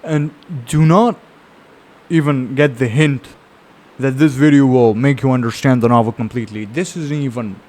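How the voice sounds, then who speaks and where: A man's voice: mid-range voice, fairly even intonation, normal speed, a little mellow. A man casually summarizing and reflecting on a novel, talking in a loose, rambling way. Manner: rambling, conversational storytelling with frequent fillers and restarts. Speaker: book reviewer. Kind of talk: casual spoken book summary.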